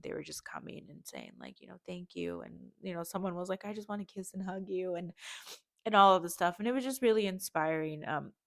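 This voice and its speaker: A woman's voice: fairly low pitch, gravelly, no echo, clean studio sound. A young woman hosting her own podcast, telling a personal story in a chatty way, full of fillers, and acting out what people said. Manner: chatty, many fillers, acts out quoted talk. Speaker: podcast host.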